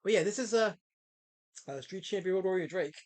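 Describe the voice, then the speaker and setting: A man's voice: sits high, lively intonation, fairly quick, a little mellow. A middle-aged man who creates comics, chatting casually on a live stream, rambling with many fillers and snapping back at his chat.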